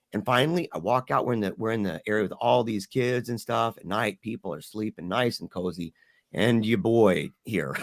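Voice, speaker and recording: A man's voice: mid-range voice, no room sound, studio quality. A middle-aged man, a podcast guest, telling an emotional story and acting out the people in it. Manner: animated, acts out quoted voices.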